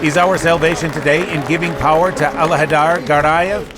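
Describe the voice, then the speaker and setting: An actor playing an impassioned parliamentary leader who fires off accusing rhetorical questions, in a dubbed documentary reenactment. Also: male voice, a little high, steady tone, a little fast, over a noisy crowd, close to an everyday voice. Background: music.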